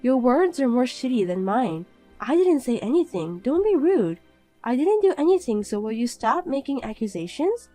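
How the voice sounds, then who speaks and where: Woman voicing a calm, pointed young woman. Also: high-pitched, moderate pace, soft background music. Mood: cool. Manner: cool, pointed replies. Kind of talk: animated story voice-over.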